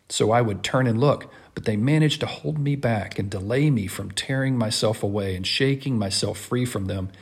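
Man, husky voice, earnest, impassioned, dramatic first-person reading. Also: on the low side.

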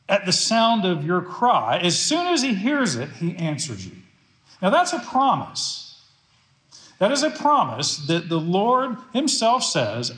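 A man's voice: sits high, fairly bright tone. A man preaching a sermon as pastor, emphatic and repeating phrases for stress. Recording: echoey room.

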